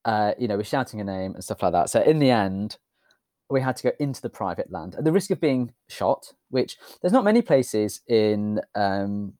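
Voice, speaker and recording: A man's voice: lowish voice, animated, normal speed, warm tone, dry recording. A British man in casual chat who tells a rambling anecdote in an understated way. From United Kingdom.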